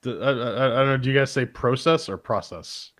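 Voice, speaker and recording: A man with a Canadian accent hosts a laid-back gaming chat show. His delivery is rambling, full of restarts and repeated words, and his pitch sits in an ordinary middle range. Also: very fast, fairly bright tone. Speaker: podcast host. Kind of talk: casual chat.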